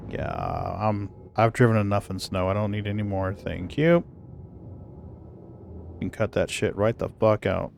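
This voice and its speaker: A man with a fairly low voice chats in a relaxed, unpolished way while streaming a game, cursing casually between thoughts. Faint noise sits under the voice. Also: moderate pace, vocal fry. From North Dakota. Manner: laid-back, swears casually. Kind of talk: casual gaming chat.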